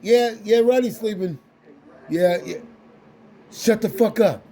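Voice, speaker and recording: A man's voice: sits high, warm tone. A man voicing a woman in his story who exclaims over the phone, repeating herself. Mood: excited. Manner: rapid exclaiming, repeated words. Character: excited woman on the phone with family.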